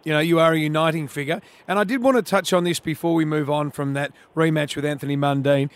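A man's voice: a little high, fairly even intonation, fast talker, clean tone, no room sound. Matey Australian male radio host, dry studio sound. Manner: matey, self-deprecating. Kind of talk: radio interview.

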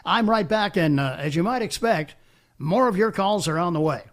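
An older man at a studio microphone hosts a call-in radio show, his voice sitting a little higher than most men's. He talks in a folksy, unhurried way, stumbling over fillers and restarts. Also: animated, a bit bright. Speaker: talk radio host.

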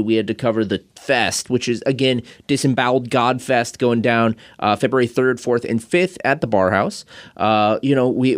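Man, middle-pitched, podcast host, friendly, hesitant, repeats himself. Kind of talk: casual interview chat.

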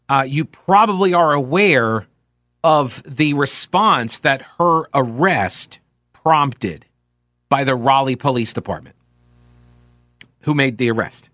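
A man's voice: fairly high pitch, fairly bright tone, dry recording. A male talk radio host giving a chatty, sardonic monologue from a radio studio, with lots of fillers. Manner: conversational and sardonic, with frequent fillers.

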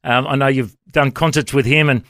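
A man's voice: mid-range voice, steady tone, fairly quick, a bit bright, no echo, studio quality. A man in his forties with an Australian accent, hosting a casual radio chat in a friendly, affirming way. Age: 40s. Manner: friendly, affirming, with many "mate"s. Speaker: radio host.

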